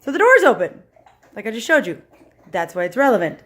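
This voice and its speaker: Animated storytelling woman. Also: on the high side, a little fast. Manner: animated, acts out voices and sound effects. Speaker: vlogger telling a story. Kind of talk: casual storytelling to camera. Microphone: camera.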